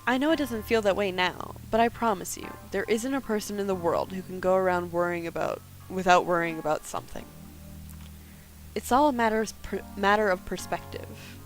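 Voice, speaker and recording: A breezy, chatty woman in her thirties, read by a woman playing through a game. She talks in a bright, easygoing way with a mid-range voice, over faint background music. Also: mid-range voice, brisk, close to an everyday voice.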